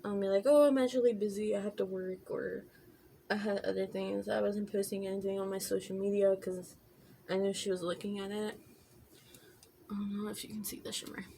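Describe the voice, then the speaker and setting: A woman's voice: mid-range voice, completely flat delivery, normal speed, vocal fry, warm tone, a little hiss or hum. A woman telling a casual storytime vlog while doing her makeup, talking in loose chatty runs full of fillers and restarts. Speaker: vlogger.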